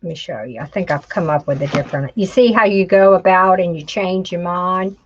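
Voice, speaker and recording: A woman's voice: lowish voice, a little fast. A woman hosting a craft tutorial, chatting and talking to herself as she works. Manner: chatty, talks to herself while working, says y'all. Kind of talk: casual crafting demonstration. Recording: dull lo-fi home video audio.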